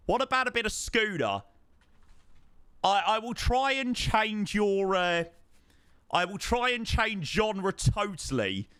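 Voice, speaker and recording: A man's voice: sits high, sharp tone, smooth, no echo. A young man, chatting casually with viewers on a live stream and thanking them by name.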